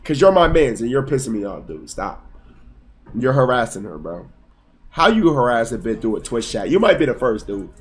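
A man in his twenties livestreaming casually from home, with a voice of ordinary middle pitch. He is excitable and profane, argues with his chat, and now and then breaks into yelling. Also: normal speed. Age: 20s. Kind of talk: casual live-stream chat.

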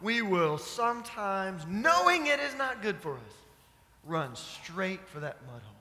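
A man's voice: sits high, big pitch swings, unhurried, pushed and bright, slight background noise. A man preaching a sermon, telling a story in a conversational way and putting questions to the congregation. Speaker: pastor. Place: church sanctuary. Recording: echoey church hall.

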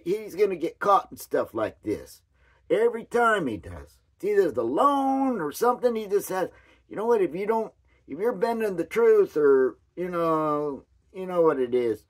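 A hoarse man talks through a loose, rambling commentary, wandering off mid-thought and doubling back. His voice sits a little higher than most men's. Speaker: commentary vlogger.

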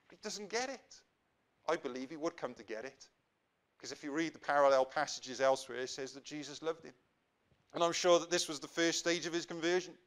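A man with a Welsh accent preaching a sermon in church, swelling to fervent emphasis and sinking to quiet prayer. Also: a little high. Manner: rises to impassioned emphasis, then drops to quiet prayer.

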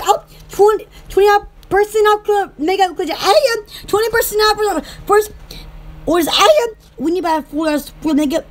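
A woman, chatting in a rambling, bubbly way as an online shop host, often breaking into giggles. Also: very high voice. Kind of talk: casual rambling chat.

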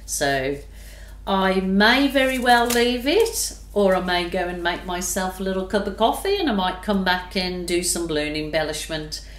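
A woman's voice: on the low side, lively intonation, slight background noise. A woman painter from Australia, gushing with exclamations as she chats casually to her viewers while painting. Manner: gushing, exclamatory, drawn-out delight. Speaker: fluid art painter. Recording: echoey room.

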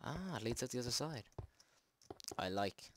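A man's voice: mid-range voice, very animated, moderate pace, a bit bright. A man hosting a let's play, chatting and joking at himself with jumpy exclamations. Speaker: gaming channel host. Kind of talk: let's play game commentary.

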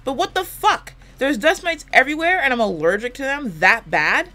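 A woman with a slight lisp rambles while she plays a video game. Her pitch swings widely as she complains and swears in a loose, joking way. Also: expressive, normal speed, bright, forceful tone. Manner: rambling, profane, jokey complaining. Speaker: gaming YouTuber. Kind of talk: casual chat while playing a video game.

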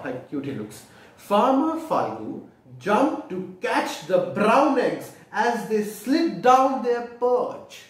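A man reads a children's picture book slowly, stopping to point out the pictures and quiz the young listeners. His voice is high and swoops up and down a lot. He sits away from the mic in a room full of echo. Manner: explains the pictures with questions to children. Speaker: storyteller for children. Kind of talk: children's read-aloud. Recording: echoey room, distant mic.

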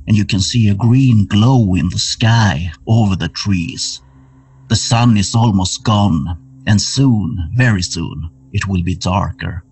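A man narrating a horror tabletop game as game master, setting each scene slowly and atmospherically. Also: lowish voice, vocal fry, darkish tone. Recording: somewhat distant mic with music underneath.

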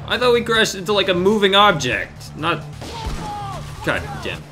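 A man giving solo gameplay commentary, shouting and swearing at the game and cracking sarcastic jokes, with faint game music behind. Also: sits high, wildly swooping pitch, normal speed. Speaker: let's play gamer.

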